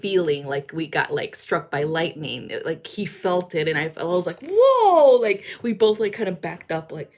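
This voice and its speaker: A woman's voice: sits low, normal speed, hardly any pauses. A woman psychic reader chatting casually to viewers in a rambling way, with lots of fillers and swearing.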